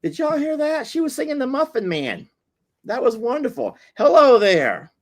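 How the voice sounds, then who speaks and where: A man's voice: very high-pitched, sing-song, normal speed. A man hosting a casual live chat with callers, teasing them in a folksy way and laughing easily. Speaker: host.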